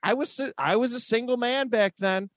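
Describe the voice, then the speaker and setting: A man's voice: very high voice, moderate pace, fairly bright tone, dry recording, clean studio sound. A man co-hosting a podcast, telling a rambling, self-mocking story in casual chat. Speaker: podcast co-host.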